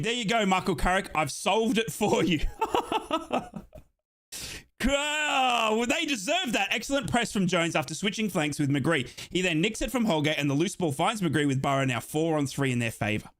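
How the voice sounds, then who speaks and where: A man from Australia hosting a live football watchalong, calling scores and reading out chat with excited outbursts. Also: high voice. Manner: excitable, exclaims and reads chat. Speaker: watchalong streamer.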